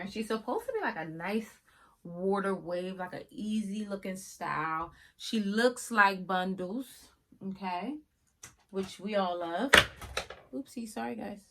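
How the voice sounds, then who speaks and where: A woman casually reviewing a wig for her viewers, chatty and often yelling with excitement. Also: mid-range voice. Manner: chatty, addresses viewers as y'all.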